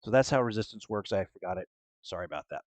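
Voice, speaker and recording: A man's voice: fairly low pitch, animated, fast, no room sound. A man working as game master, explaining rules with frequent fillers in casual chat on a call. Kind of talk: running a tabletop game online.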